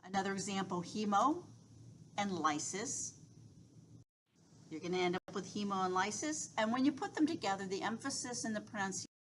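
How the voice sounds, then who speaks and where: A woman's voice: medium pitch, fairly quick, slight background noise, rough recording. A woman instructor giving a recorded lecture, explaining step by step with reassuring asides and frequent fillers.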